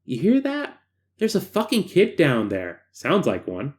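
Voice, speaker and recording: A man voicing a frightened, blunt male test subject who swears while describing what he hears in a dark stairwell, in a horror story reading. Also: on the high side, wildly swooping pitch, a little slow. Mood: scared. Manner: blunt, profane and nervous.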